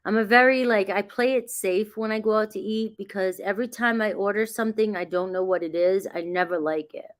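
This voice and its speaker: A chatty woman talks casually to viewers of a live tarot stream. She greets people by name and laughs easily. Her voice sits at a middle pitch and she gives calm, grounding guidance. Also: brisk, hardly any pauses. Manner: reassuring, grounding spiritual guidance. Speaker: tarot reader. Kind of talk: casual livestream chat.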